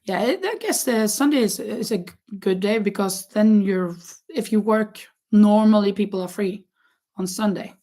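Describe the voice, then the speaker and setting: A woman's voice: mid-range voice, moderate pace, dark tone. A woman hosting a crochet livestream, chatting casually with viewers, with many fillers and restarts and frequent laughs. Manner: laughs often.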